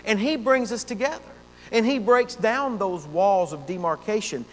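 A man's voice: sits high, moderate pace. A man preaching a sermon as pastor, earnest and emphatic, repeating phrases for stress. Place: church sanctuary. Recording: long church reverb, faint hum.

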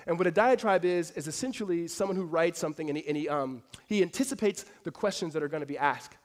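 Pastor guy giving a sermon, kinda high voice, goes quiet then loud. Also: fast talker. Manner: animated storytelling, swings between hushed and emphatic. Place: church hall before a congregation.

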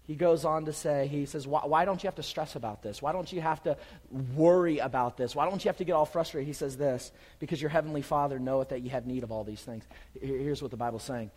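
A man preaching a sermon as pastor, swinging from urgent, raised emphasis to quiet, soft reassurance. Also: fairly high pitch, animated, moderate pace, in a large hall, poor audio.

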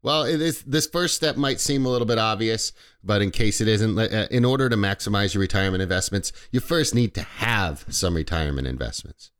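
Low, smooth-voiced man hosting a finance show. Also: brisk, few pauses. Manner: relaxed, explanatory, with fillers and self-corrections. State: a little stuffy. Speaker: financial radio show host. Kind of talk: conversational radio talk.

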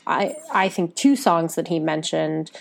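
With a low voice and vocal fry, this podcast co-host talks at a measured pace about musical theatre. Her casual chatter is full of fillers, and she frequently performs quotes in an animated way.

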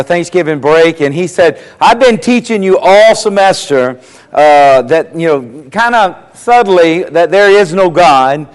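In a church sanctuary with long hall reverb, a male pastor delivers a sermon full of folksy storytelling, voicing the characters in his jokes. His pitch is fairly high, and his tone is clear and resonant.

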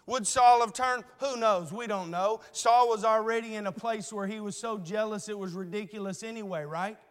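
A man's voice: high voice, normal speed, clear, resonant tone, big-room sound. A man, preaching a sermon in a conversational style that is full of rhetorical questions.

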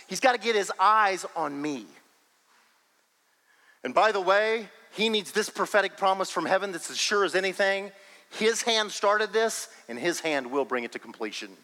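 A man preaching a sermon as pastor, emphatic and animated, often breaking into laughter. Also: sits high, big-room sound, rough recording.

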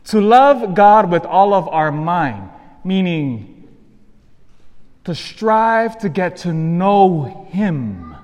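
A Catholic priest delivers a sermon in a somewhat high voice. He tells a personal story earnestly and acts out each side of the conversation. His words ring out with the long reverb of a church. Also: very animated, extremely slow, darkish tone.

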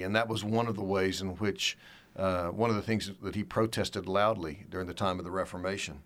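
Guy explaining church doctrine, slightly low voice, calm and measured, leans on key words. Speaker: theology discussion guest. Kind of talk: theological discussion, reading quotes.

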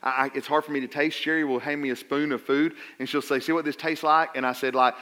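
Fast and fairly high-pitched, with little movement in his pitch, a middle-aged pastor preaches a sermon. His personal story comes with stammered restarts before swelling into loud, emphatic appeals.

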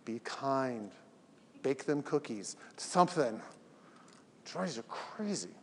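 A man's voice: medium pitch, animated, slow, long reverb tail, a little hiss or hum. A man teaching a weekly evening class in an earnest, emphatic way, acting out everyday quotes as he goes. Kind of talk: live talk to a class, later posted as a podcast.

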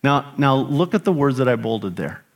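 A man's voice: medium pitch, expressive, normal speed. A middle-aged man preaching a sermon as pastor, emphatic, with rhetorical questions and rising emphasis on key phrases.

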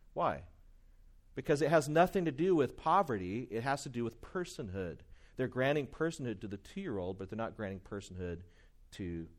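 Man preaching an emphatic sermon. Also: fairly low pitch. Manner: emphatic, repeats key points, varies loudness for stress.

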